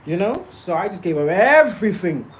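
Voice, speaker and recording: A woman's voice: lowish voice, big pitch swings, a little fast, slight background noise, rough recording. A woman talking straight to her livestream viewers, emphatic and insistent, often checking in with "okay?" and "yeah?". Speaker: spiritual livestreamer. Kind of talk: casual livestream monologue.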